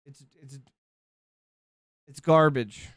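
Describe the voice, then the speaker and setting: A man's voice: fairly high pitch, drawn-out words, no echo. A man in his thirties chatting casually on a livestream from his home setup, rambling, swearing and cutting himself off mid-thought. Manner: rambling, profane, self-interrupting. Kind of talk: casual stream chat.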